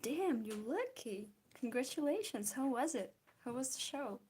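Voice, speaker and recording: A woman's voice: high voice, animated, moderate pace, darkish tone, slightly rough. A young woman streaming while she draws, chatting casually with her viewers, giggling often and answering their comments. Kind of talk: casual chat while drawing.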